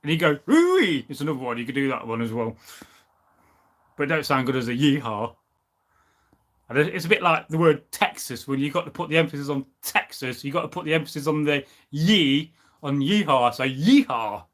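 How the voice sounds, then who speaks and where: Chatty man, bright voice. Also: fairly high pitch, fairly quick. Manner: rambling, opinionated, chatty with many fillers. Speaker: live stream host reading chat. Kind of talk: casual rambling live chat.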